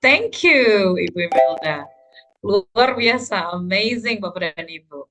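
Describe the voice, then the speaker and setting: A woman trainer guides a group of English teachers through an online session. Her pitch swings widely and sounds lively, and she keeps her tone encouraging while filling pauses with uh and um. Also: soft background music, low-quality recording. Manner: animated, encouraging, many fillers. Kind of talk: online workshop instruction.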